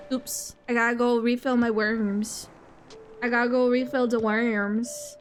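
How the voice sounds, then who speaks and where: High, bubbly woman streamer. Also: flat delivery, measured pace, faint music behind. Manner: bubbly, gasping, repeats herself playfully. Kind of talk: casual gaming stream chatter.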